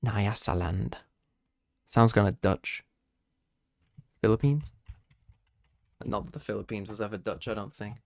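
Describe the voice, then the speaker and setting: Keyboard clicks accompany a young British streamer whose low, creaky, slightly mellow voice moves at a measured pace with long pauses. He's casual and sweary, thinking out loud, questioning himself and chatting with viewers.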